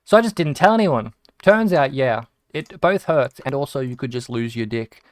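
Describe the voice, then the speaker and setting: Rambling Australian young man, crisp dry voice. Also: mid-range voice, animated, moderate pace, no room sound. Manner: rambling, swears freely, frequent restarts and "like". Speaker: video game streamer. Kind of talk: casual storytelling while gaming.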